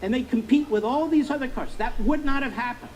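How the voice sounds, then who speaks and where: A man's voice: very high voice, brisk, darkish tone, a little hiss or hum, rough recording. A middle-aged man hosting a political commentary monologue, emphatic and repetitive, firing rhetorical questions at his listeners. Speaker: talk show host.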